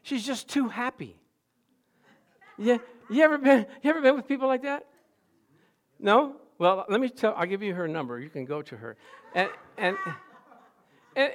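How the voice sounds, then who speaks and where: High-voiced man preaching with humor. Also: expressive, normal speed, long pauses, a bit bright. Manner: humorous, storytelling, self-deprecating. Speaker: pastor. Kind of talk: sermon.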